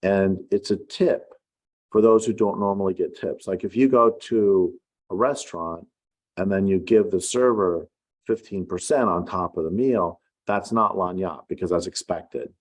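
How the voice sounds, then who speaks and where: Deep-voiced man telling a wry story. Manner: unhurried, reflective storytelling with wry asides. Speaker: author. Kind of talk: casual spoken essay.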